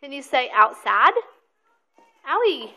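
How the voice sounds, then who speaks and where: A woman with a bright, somewhat high voice, recorded on a handheld phone at home. She coaxes a toddler to repeat words in slow, drawn-out prompts, with patient sing-song encouragement and frequent praise. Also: sing-song. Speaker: aunt filming a toddler. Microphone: phone camera held by the speaker.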